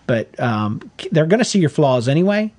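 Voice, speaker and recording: A man's voice: a little high, moderate pace. A middle-aged man co-hosting a podcast, giving earnest, folksy parenting advice in casual chat. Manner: earnest, folksy, animated when acting out quotes. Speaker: podcast co-host.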